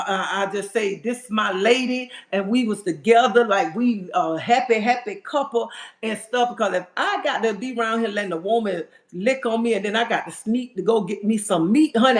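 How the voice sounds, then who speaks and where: A livestream host rants to his viewers in a sassy, emphatic way, calling them "honey" and tossing in "okay?". He has a high voice and talks at a normal speed. The room gives the recording a noticeable echo.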